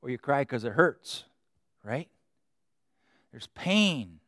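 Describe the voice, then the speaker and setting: Dry-voiced preacher, loud to hushed. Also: male voice, medium pitch, sing-song, unhurried, no room sound. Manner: dynamic, swinging from loud emphasis to hushed tenderness. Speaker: pastor. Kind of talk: sermon.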